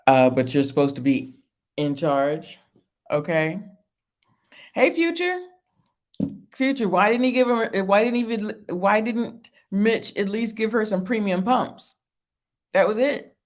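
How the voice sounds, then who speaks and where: Her voice sits on the low side, and she talks slowly with long pauses while hosting a casual stream about reality TV. Emphatic and given to repeating phrases, she laughs often and replies to viewer comments.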